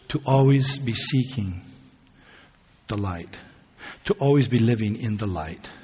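Husky guy pastor giving a sermon, chatty storyteller, big echoey hall. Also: lowish voice. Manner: conversational storytelling with laughs and asides. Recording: long hall reverb.

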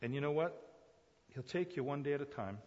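Man, pastor, sermon, loud calls and hushed asides, dull lo-fi audio, long hall reverb. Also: fairly high pitch, lively intonation, brisk. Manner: dynamic preaching, swinging from loud emphatic calls to hushed asides; repeats phrases for emphasis, addresses listeners as folks. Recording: muffled recording in a long-echo hall.

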